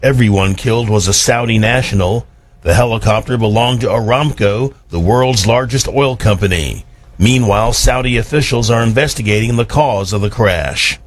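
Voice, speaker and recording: A man filing a radio news report in a steady, factual way. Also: on the low side, moderate pace, dry recording. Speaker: news correspondent.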